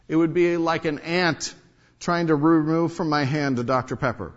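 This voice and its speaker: A man's voice: a little high, fairly even intonation, moderate pace. Emphatic preacher man in a reverberant church. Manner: emphatic, repeats key phrases, swings from quiet to loud. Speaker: pastor. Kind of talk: sermon. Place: church sanctuary. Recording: long reverb, dull lo-fi sound.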